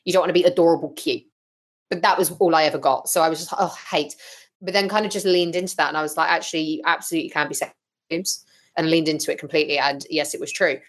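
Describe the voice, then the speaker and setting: A woman talking as a podcast guest, telling her story frankly and with lively, blunt humour. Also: deep voice, quick pace. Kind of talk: casual interview chat.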